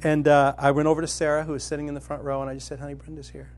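A middle-aged man preaching a sermon, telling a personal story and retelling a parable, rising to loud excitement in the vivid parts and dropping soft in the tender ones. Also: very fast, a little hiss or hum. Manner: storytelling, grows animated and loud when dramatizing, soft and low when tender.

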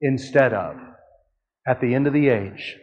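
A man in his fifties preaching a sermon, telling a family story with animated delivery and leaps of voice for dramatic quotes. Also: mid-range voice, measured pace, low-quality recording.

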